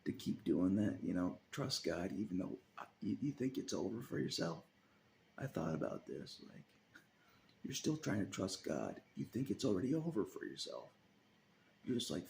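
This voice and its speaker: A man's voice: sits low, very animated, normal speed, vocal fry, a little mellow, slight background noise. A man vlogging in a casual, rambling monologue, chuckling often and trailing off into mutters.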